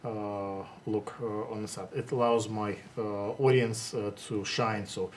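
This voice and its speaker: A man who hosts interviews, talking in a casual, halting way, full of hesitations and restarts. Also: on the low side, steady tone, a little hiss or hum. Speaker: interviewer host.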